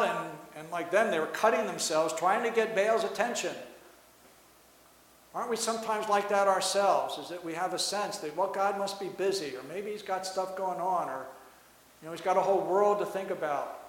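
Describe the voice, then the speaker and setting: A man's voice: high voice, normal speed, a bit bright. A man preaching a sermon in earnest, asking rhetorical questions and building to emphatic points. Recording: echoey hall reverb.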